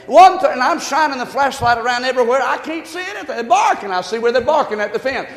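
A man preaching a sermon, telling folksy stories with asides to the congregation and often breaking into fervent shouting. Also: very high-pitched, animated, fast talker. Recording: reverberant hall.

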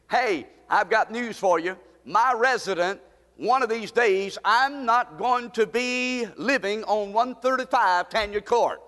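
A man's voice: high voice, a little slow, bright, forceful tone, long reverb tail. A man preaching a sermon as pastor, impassioned and repetitive, with pleading rises.

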